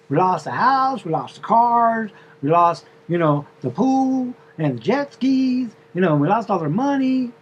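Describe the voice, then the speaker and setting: A man's voice: very high voice, husky, muffled recording, voice pushed up, heavily acted. A man voicing an older woman with a Southern US drawl who rambles on about money she has lost. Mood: lamenting. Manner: rambling, breathless, lamenting.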